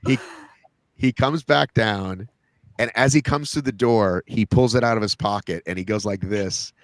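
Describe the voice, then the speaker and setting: A man's voice: lowish voice, normal speed, dry recording. A man hosting a podcast, telling a long story in casual chat, padding his talk with "like" and "right?". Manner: rambling, fills talk with "like" and "right?". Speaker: podcast host.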